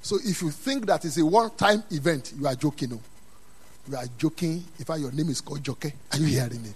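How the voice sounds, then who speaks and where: Husky high-voiced pastor preaching. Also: male voice, fairly quick. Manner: swings from quiet asides to loud preaching. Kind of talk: sermon. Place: church.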